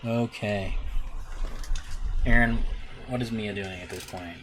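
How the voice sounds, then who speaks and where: A man's voice: lowish voice, fairly even intonation, takes it slowly, background noise. A man running a tabletop game as game master, loose and rambling, swearing often.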